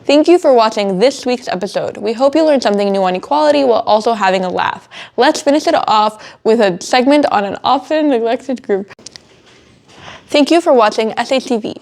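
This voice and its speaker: A teenage girl with a slightly high voice hosts a student show. She keeps breaking into giggles and restarting her lines, flustered but cheerful. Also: lively intonation, a little fast, vocal fry, darkish tone. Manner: giggly, flustered by slip-ups. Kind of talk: outtakes of a school show.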